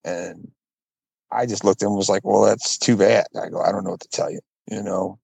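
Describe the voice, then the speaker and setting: A man with a low, gravelly, husky voice telling a story in relaxed podcast chat. He swears now and then, and the sound is dry and close. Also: fairly quick, no echo. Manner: storytelling, laid-back, swears. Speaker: podcast co-host. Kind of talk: casual chat.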